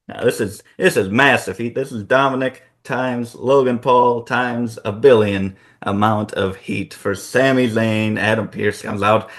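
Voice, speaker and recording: A man hosting a casual fantasy-booking chat, telling the story in an animated way with frequent laughs. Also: on the low side, a little slow, hardly any pauses. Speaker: host.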